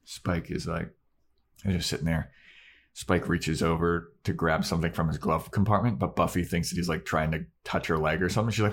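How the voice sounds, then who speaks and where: Low voiced guy on a podcast, recapping scenes and doing the characters' lines. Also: steady tone, fairly quick, breathy edge. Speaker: podcast co-host. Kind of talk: casual chat.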